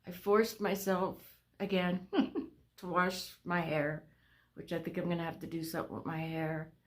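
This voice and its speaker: A woman vlogging a personal update to her viewers on a phone camera. She is short of breath, halting, and restarts often. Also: fairly low pitch, little pitch movement. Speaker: vlogger sharing a health update. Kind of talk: casual talk to camera.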